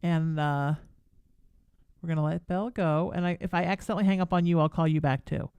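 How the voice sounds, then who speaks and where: A woman's voice: fairly low pitch, fairly even intonation, a little fast, a little mellow, clear, resonant tone, dry recording, muffled recording. A woman hosting a live call-in radio show, giving chatty, emphatic spiritual advice to callers. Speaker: radio show host and psychic.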